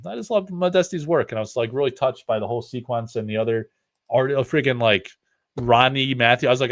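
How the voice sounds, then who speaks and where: With a mid-range voice that's a bit bright, the upstate New York host of a card-opening livestream chats casually. He rambles loosely and leans heavily on fillers.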